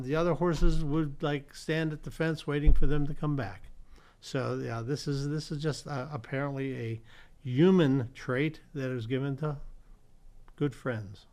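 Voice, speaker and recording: A man hosting a community television show, reading fun facts from slides in a studio, now and then stumbling over words and correcting himself. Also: fairly high pitch. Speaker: host.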